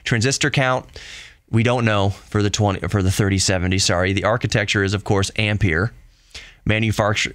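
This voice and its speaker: A young adult man hosting a solo tech podcast, reading specs aloud with excitable, jokey asides and self-corrections, ending with gentle encouragement. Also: on the low side, dry recording, clean studio sound. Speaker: podcast host.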